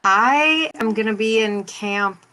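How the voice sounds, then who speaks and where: A woman's voice: fairly high pitch, slow pace. A woman panelist speaking frankly and telling stories in a casual video-call panel discussion. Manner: frank, animated storytelling.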